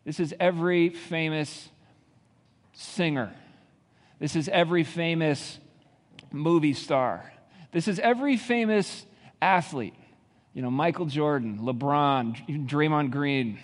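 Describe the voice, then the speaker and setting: A man's voice: fairly high pitch, unhurried, long pauses, long reverb tail. A man preaching a sermon, building intensity with rhetorical questions. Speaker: pastor.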